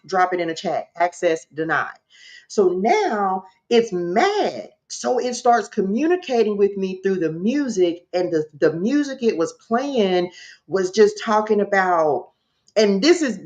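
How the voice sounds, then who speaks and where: A woman, a spiritual coach, telling a personal story to her livestream viewers in an animated, direct way. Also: mid-range voice, dull audio.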